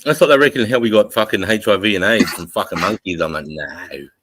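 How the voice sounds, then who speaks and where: A man's voice: fairly low pitch, expressive, fast, fairly bright tone, a little hiss or hum. An Australian man hosting a livestream panel, swearing constantly and laughing often in crude casual chat. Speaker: livestream host.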